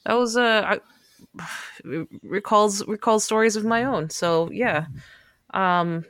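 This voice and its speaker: A woman's voice: mid-range voice, slow, fairly bright tone, no echo. Woman chatting, dry close sound. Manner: responsive listener, brief reactions. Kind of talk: casual chat.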